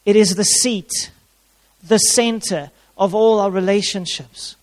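A man's voice: sits high, fairly even intonation, a little slow. A man preaching a sermon, repeating his key phrases for emphasis and showing props to his congregation. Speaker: pastor. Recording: long hall reverb.

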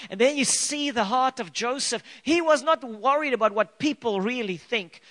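A man with a high-pitched voice preaches a sermon to his congregation. He speaks earnestly and with emphasis, piling up rhetorical questions and drawing out key phrases. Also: lively intonation, normal speed, few pauses, fairly bright tone. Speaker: pastor.

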